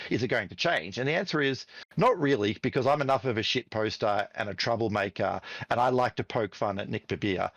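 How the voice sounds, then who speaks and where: A man in middle age, talking as a podcast guest with a wildly swinging, lively pitch and a passionate, profane delivery. His voice is close and dry, with no room sound around it. He sounds like he is chatting casually and telling stories. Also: dry recording. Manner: animated, profane, fired-up storytelling. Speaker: podcast guest, esports team CEO.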